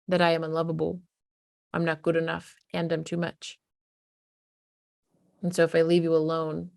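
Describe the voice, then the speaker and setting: A woman's voice: lowish voice, vocal fry, dry recording, clean studio sound. A woman parenting coach giving casual, emphatic advice and acting out what a parent might say to a child. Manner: conversational and emphatic, acts out what a parent would say. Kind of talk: casual advice talk to camera.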